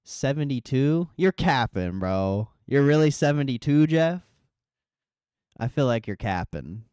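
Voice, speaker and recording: Brief: male streamer, laid-back and profane, talking to chat, smooth clear tone, dry close sound. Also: mid-range voice, a little slow, no echo. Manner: relaxed, profane, reading chat aloud. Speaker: livestream host. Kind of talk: casual live stream chat.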